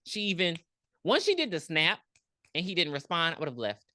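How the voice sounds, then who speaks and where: A woman co-hosting a podcast, recapping a movie in blunt, profane, animated casual chat. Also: on the low side, moderate pace. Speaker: podcast co-host.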